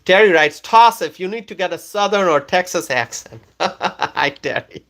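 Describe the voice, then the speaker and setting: This livestream host from Bangladesh has a high-sitting, gravelly, fairly bright voice with lively intonation and a moderate pace. He reads viewer comments aloud, laughing and repeating questions as he responds.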